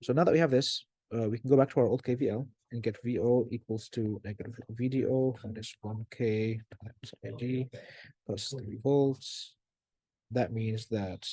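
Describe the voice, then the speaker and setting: A man's voice: mid-range voice, warm tone, breathy edge, no room sound. A young man tutoring as he works through a circuit problem, thinking aloud with frequent fillers and self-corrections.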